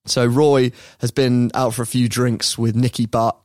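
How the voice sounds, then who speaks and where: A man hosting a podcast, telling a story in a lively casual way and often laughing. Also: mid-range voice, measured pace, no room sound, clean studio sound. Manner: lively, laughs often, mimics people in quotes.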